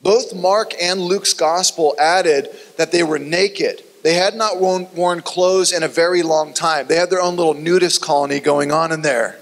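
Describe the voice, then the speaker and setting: A man preaching a sermon as a pastor, telling the story dramatically and often dropping his voice low and quiet. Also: steady tone, normal speed, few pauses. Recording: long reverb of a large hall.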